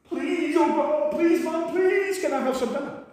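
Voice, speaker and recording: A man's voice: extremely high pitch, measured pace, a little mellow, very echoey, in a large hall, voice pushed up. A man voicing a young child pleading with his mum for dinner. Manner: pleading, whiny.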